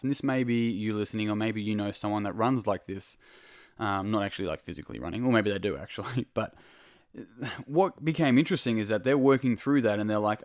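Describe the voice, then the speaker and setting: A man's voice: fairly low pitch, no echo, clean studio sound. A man hosting a podcast, talking straight to the listener in a casual, earnest motivational monologue full of swearing. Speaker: podcast host.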